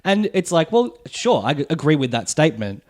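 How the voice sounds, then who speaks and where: A man's voice: a little high, very animated, darkish tone. A man co-hosting a comedy podcast, wry and agreeable in casual chat. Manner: wry, agreeable, quick to laugh along.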